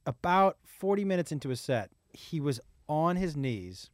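A man's voice: on the high side, moderate pace, dry recording, clean studio sound. A man who is a comedian guest on a podcast, telling stories in casual chat and swearing freely. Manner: animated storyteller, swears freely.

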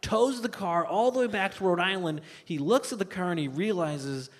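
A man doing a stand-up comedy set, telling a story with animated, loud impressions of his family. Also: sits high, normal speed, long reverb tail. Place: live stage before an audience.

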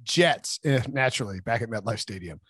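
A man's voice: medium pitch, expressive, brisk, a bit bright, husky, no room sound. Wry man joking about football, dry sound. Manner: wry, joking, mocks coach clichés. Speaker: sports podcast co-host. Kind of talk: casual sports chat.

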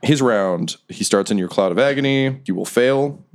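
A man narrating a tabletop game as game master, wry and quick to laugh. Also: medium pitch, animated.

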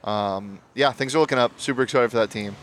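Man, sports betting host, fast talker, upbeat, casual chat, live pub show, faint background noise. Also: medium pitch, fairly bright tone. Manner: upbeat, quick plugs and sign-offs, laughs often.

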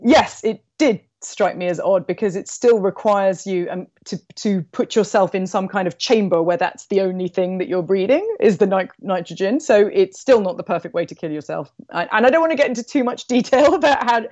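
A woman author being interviewed on a podcast, speaking in a thoughtful, measured way. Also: mid-range voice, a little mellow, no echo, lo-fi sound. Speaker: author guest. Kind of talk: conversational interview.

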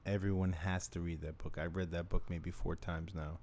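A man's voice: low-pitched, level tone, normal speed, a little mellow, a little hiss or hum. A man hosting an interview, chiming in with brief, encouraging remarks. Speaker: host. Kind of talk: conversational interview.

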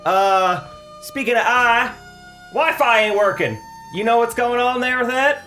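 A man's voice: very high-pitched, a little slow, sharp tone, soft background music, voice pushed up, heavily acted. A man playing a brash Texan cowboy caller with a put-on Texan drawl who keeps calling people brother. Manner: brash, threatening, calls everyone brother. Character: loud Texan cowboy man living in India.

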